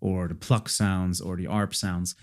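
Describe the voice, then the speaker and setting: A producer casually walks through his own song project in a tutorial style, chatty, repetitive, and full of fillers. His voice sits low, with a level tone and a measured pace.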